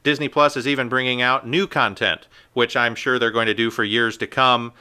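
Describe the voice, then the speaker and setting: Male co-host, very bright, crisp voice, upbeat and a little wry. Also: medium pitch, steady tone, normal speed. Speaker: podcast co-host. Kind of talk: casual chat.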